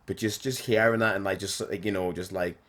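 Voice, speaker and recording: A man, talking casually and bluntly as a podcast host, swearing often and filling pauses with "like". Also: low-pitched, fairly even intonation, fairly bright tone. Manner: blunt and sweary, frequent fillers. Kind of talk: casual monologue.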